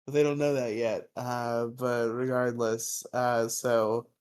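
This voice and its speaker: A young man co-hosting a podcast, casually recapping a show, swearing freely and tossing in quick character impressions. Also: mid-range voice, level tone, a little mellow, smooth. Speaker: podcast co-host.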